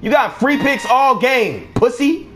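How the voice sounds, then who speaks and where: A man's voice: extremely high pitch, expressive, measured pace. A man streaming a basketball video game, trash-talking opponents and barking orders at teammates in a profane, taunting way. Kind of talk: live gameplay trash talk.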